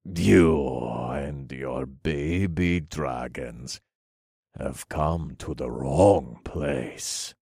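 A man voicing an insane, menacing chained sorcerer in a low, grisly voice, drawing words out slowly and then bursting into shouts. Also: breathy edge, no room sound, studio quality, exaggerated voice. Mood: sneering. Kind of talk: audiobook character voice.

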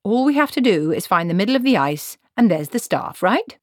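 A woman's voice: medium pitch, big pitch swings, dry recording, clean studio sound, voice pushed up. A woman voicing an old, bossy, blunt village witch in a storybook reading. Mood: brisk. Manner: brisk, bossy.

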